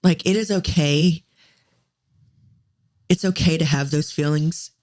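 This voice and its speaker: A woman in her thirties, a podcast co-host, telling a candid personal story with deep feeling and many "like" fillers. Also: slow, darkish tone. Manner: emotional, tearful at times, many "like" fillers.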